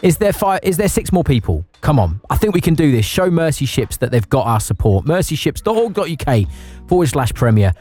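A man's voice: a little high, very animated, brisk, no room sound, faint music behind. A man presenting a live radio charity appeal, effusive and emotional as he thanks givers and urges listeners to donate. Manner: warm, effusive, emotional encouragement. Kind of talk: live radio fundraising chat.

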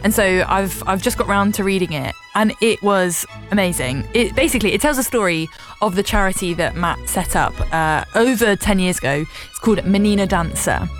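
A woman's voice: medium pitch, fairly quick, soft background music. A young woman co-hosting a radio show, talking in a chatty, enthusiastic way with frequent laughter. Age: young adult. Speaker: radio co-host. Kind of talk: casual radio chat.

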